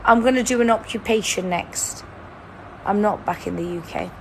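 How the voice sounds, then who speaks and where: A woman's voice: mid-range voice, normal speed, creaky, slight background noise. A woman, hosting a live-stream word-guessing game in a chatty, teasing, playfully dramatic way. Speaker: livestream host.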